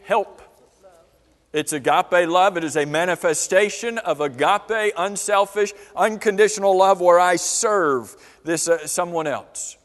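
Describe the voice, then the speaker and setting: A man's voice: sits high, unhurried, fairly bright tone. Questioning man teaching in a reverberant hall. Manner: asks the class many questions. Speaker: Bible class teacher. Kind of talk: church Bible class teaching. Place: church classroom. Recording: long reverb of a church hall.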